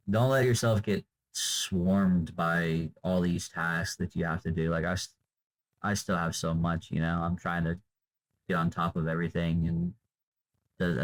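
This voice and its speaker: A man's voice: deep voice, low-quality recording. A young man vlogging off the cuff, tired and drained, talking in a loose, meandering way with lots of fillers and trailing off. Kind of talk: unscripted rambling monologue.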